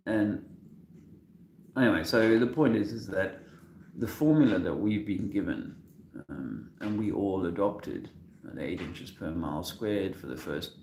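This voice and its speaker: Slow, gravelly, deep-voiced man talking. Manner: halting, full of restarts and fillers; soft-spoken and emotional at times. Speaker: video host. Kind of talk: casual livestream talk. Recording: echoey room with faint noise.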